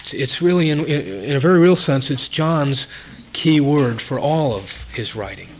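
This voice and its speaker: A man preaching a sermon at a church service, emphatic and repeating key words, swinging between loud and soft. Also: mid-range voice, expressive, moderate pace, highs cut off.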